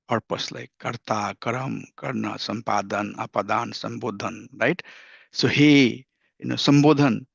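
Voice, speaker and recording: A man gives a patient scripture lesson, repeating key points and checking in with his listeners. His voice is gravelly. The sound is dry and slightly dull. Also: mid-range voice, no echo. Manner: explanatory, repeats points with frequent "right?" and "you know". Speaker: teacher of scripture. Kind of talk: scripture class lecture.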